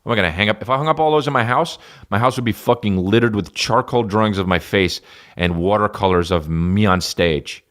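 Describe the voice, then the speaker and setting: Deep-voiced man ranting profanely. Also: brisk. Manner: profane, rambling comic riffing with sudden loud jumps. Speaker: podcast host and stand-up comedian. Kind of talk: casual solo podcast rant.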